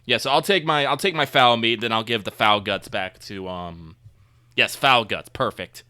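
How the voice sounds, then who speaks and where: A man playing a tabletop game, talking through his moves in a halting way with many restarts. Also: fairly low pitch, sharp tone, clear, resonant tone, no room sound. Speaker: player. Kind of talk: casual tabletop game chat.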